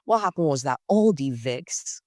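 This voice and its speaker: A young woman with a Nigerian accent, a podcast guest telling lively personal stories in casual conversation and acting out the voices in them. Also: deep voice, normal speed, no room sound, studio quality. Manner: animated storyteller, acts out quotes, Nigerian slang. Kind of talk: storytelling in casual interview.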